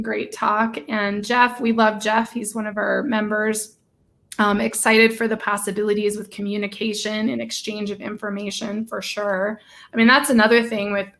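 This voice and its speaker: A woman's voice: medium pitch, fairly bright tone. A woman co-hosting a casual livestream chat, gushing and talkative, with lots of "like". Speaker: livestream co-host.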